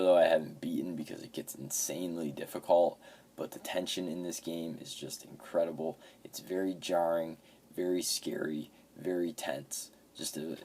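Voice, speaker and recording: A man's voice: sits low, mellow, breathy edge. A man in his fifties casually talking about his video game pickups, swearing often and telling rambling stories. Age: 50s. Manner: profane, rambling storyteller. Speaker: game collector.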